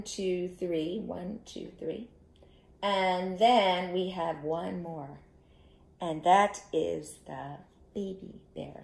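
A woman preschool teacher reading a storytime tale to children, gentle and counting things aloud. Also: on the low side, gravelly. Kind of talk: storytime narration with a flannel board. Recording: echoey room.

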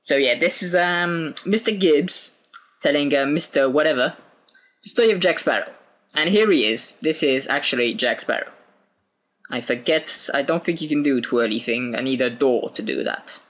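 A man's voice: a little high, normal speed, a bit bright. A British man hosting a let's play, commenting casually with self-mocking asides. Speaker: gaming video host.

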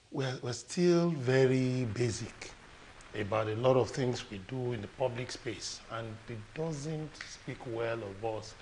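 A man's voice: medium pitch, a little mellow, slight background noise. A man with a Nigerian accent, a guest on a TV panel discussion, who speaks emphatically and asks rhetorical questions.

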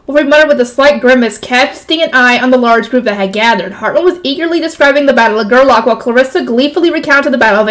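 A woman reads a light novel aloud for her channel in a high voice. She keeps stopping to react to the story with exclamations, groans and quick comments. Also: fairly bright tone, poor audio.

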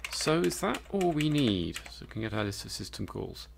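A man's voice: on the low side, very animated, moderate pace, gravelly, background noise. A man giving live coding commentary as a programmer, thinking aloud and hesitating with fillers.

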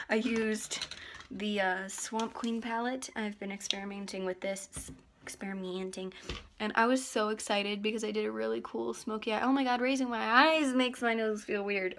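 A woman's voice: medium pitch, steady tone, moderate pace, a bit bright, a little hiss or hum. A teenage girl vlogging in casual chat, rambling and giggling with lots of likes and ums, keeping her face still as she talks. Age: teens.

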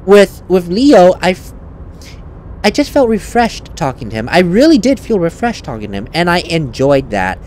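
A man's voice: sits high, huge pitch swings, moderate pace, darkish tone, slight background noise. A man hosting a let's play, chatting casually, often correcting himself and laughing while he reads game dialogue aloud. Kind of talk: casual gaming commentary.

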